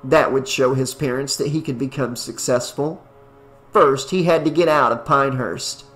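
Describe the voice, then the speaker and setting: A man giving a steady audiobook narration of a horror story. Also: mid-range voice.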